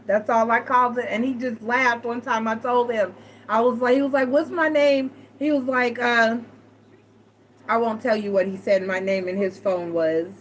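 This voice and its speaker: A middle-aged woman telling personal stories to a live chat, animated and acting out what others said. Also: a little high, a little hiss or hum, poor audio. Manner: animated, acts out quoted voices, frequent self-restarts. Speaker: tarot reader and live chat host. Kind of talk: casual storytelling to a live chat.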